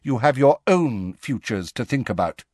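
A man voicing a strict elderly female professor, speaking in a crisp, measured, formal way. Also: mid-range voice, lively intonation, a little mellow, no room sound, studio quality. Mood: stern.

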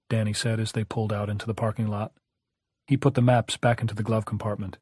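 Low, measured male audiobook narrator. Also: flat delivery, darkish tone, slightly rough, no echo, clean studio sound.

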